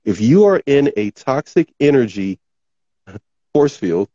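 A man hosting a talk show, rambling casually as he reads out viewer comments, his voice going hoarse. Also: mid-range voice, big pitch swings, a little slow, dark tone, dry recording, lo-fi sound. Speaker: podcast host.

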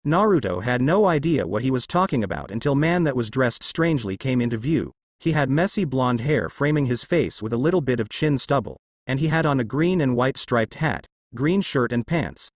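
A man narrates a fan story in a steady, scripted read. His pitch rises and falls with lively movement, and the recording is dry and close with no room sound. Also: normal speed, few pauses, no echo.

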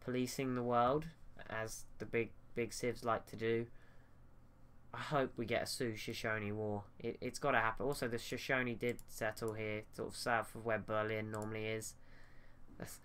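A man's voice: lowish voice, little pitch movement, moderate pace, fairly bright tone, clean tone. A man giving casual, thinking-aloud commentary over a strategy game, often restarting his sentences. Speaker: gaming YouTuber.

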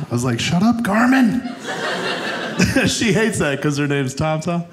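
A man doing a stand-up routine with a slow, laid-back delivery. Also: fairly high pitch, animated, heavy background noise. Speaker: stand-up comedian.

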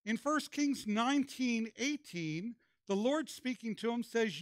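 A man's voice: very high-pitched, expressive, unhurried, few pauses, no echo, studio quality. A man, a pastor, preaching a sermon and calling on the congregation to answer back. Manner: preaching with call-and-response prompts. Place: church.

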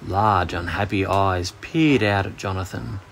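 Australian dad reading a bedtime story. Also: male voice, sits low, steady tone, unhurried, gravelly, a bit bright, slight background noise. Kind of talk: storybook narration.

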